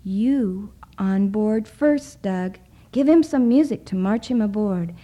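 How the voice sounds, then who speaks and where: A woman reading aloud and voicing a calm old grandfather who urges a boy on quietly. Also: medium pitch, slow. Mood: coaxing. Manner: quiet, gentle urging.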